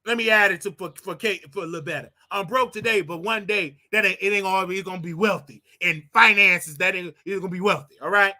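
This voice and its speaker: A man hosting a casual livestream, talking straight to his viewers in an animated, repetitive way with preachy asides. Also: sits high, fairly quick, hardly any pauses. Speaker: livestream show host.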